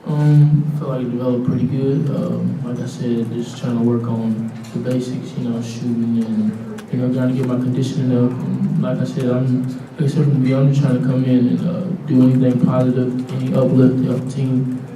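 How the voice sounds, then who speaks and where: A young college basketball player answering press questions in a plain way, often repeating "like I said". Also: male voice, mid-range voice, monotone, a little fast, dark tone. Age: young adult. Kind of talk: post-game press conference answers. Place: press room after a game. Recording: roomy echo, mic far off, background noise.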